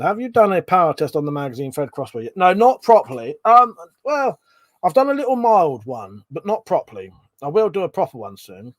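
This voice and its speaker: Man hosting a casual home livestream, somewhat high voice, swears freely and mutters asides, dry close sound. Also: big pitch swings, fairly quick, no room sound. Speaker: livestream host reading chat. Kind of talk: casual live chat. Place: bedroom at home.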